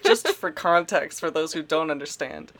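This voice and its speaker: A woman's voice: low voice, wildly swooping pitch, normal speed, gravelly. A young woman co-hosting a podcast, chatting casually with dry, wry quips and frequent laughs. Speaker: podcast co-host. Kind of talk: casual chat.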